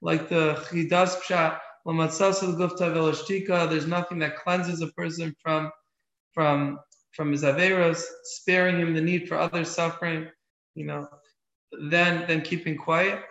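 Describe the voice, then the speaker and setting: A man's voice: fairly high pitch, flat delivery, measured pace, a bit bright. A man teaching an evening Torah class, earnest and often repeating his phrases for emphasis. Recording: echoey room, dull lo-fi sound.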